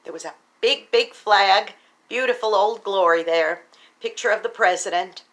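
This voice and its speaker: A woman's voice: mid-range voice, moderate pace, a bit bright. An American woman telling a personal story to her viewers, earnest and patriotic, speaking to them directly. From United States. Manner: earnest and patriotic, addresses viewers as boys and girls. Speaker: vlogger and speaker.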